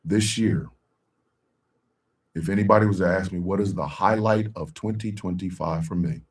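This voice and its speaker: A middle-aged man hosting a live talk stream, speaking in a heartfelt, slow way with long dramatic pauses. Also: deep voice, steady tone, recorded from a distance. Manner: bursts into a loud shouted sign-off. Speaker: show host.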